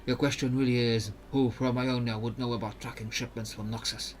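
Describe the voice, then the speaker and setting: Brief: calm, guarded adult freedom fighter, one steady low tone, put-on accent; a man voicing him. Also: fairly quick, a little hiss or hum, lightly acted. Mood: earnest. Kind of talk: reading game dialogue aloud.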